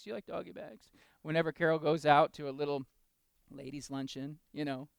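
A man preaching a sermon, moving between loud, slow emphasis and soft, intimate asides, and putting questions straight to the congregation. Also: on the high side, fairly even intonation, creaky, smooth, no room sound. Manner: talks directly to the congregation with questions. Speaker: pastor.

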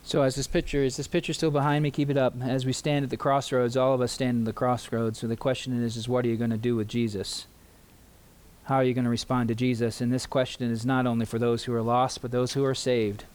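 A pastor preaching an earnest sermon to his congregation in a church. He pleads with his listeners in slow, emphatic phrases and tells them a story. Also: medium pitch, flat delivery, darkish tone, smooth.

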